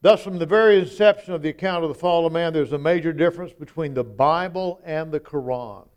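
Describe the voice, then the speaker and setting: A male preacher delivers a sermon in a clear, resonant voice that sits a little high. He talks conversationally but drives points home with strong emphasis, acting out quoted lines as he goes. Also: a little fast.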